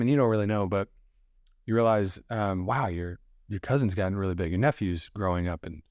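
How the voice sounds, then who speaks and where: A man's voice: deep voice, darkish tone, dry recording, studio quality. Rambling, self-deprecating young man. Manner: rambling, self-deprecating, acts out dialogue in quick bursts. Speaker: actor sharing his experiences. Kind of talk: podcast monologue.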